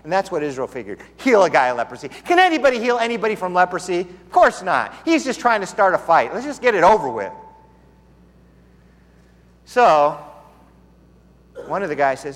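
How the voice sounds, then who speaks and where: A man's voice: high voice, very animated, moderate pace, long pauses. A man preaching a sermon in a conversational storytelling way, with playful asides. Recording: long hall reverb.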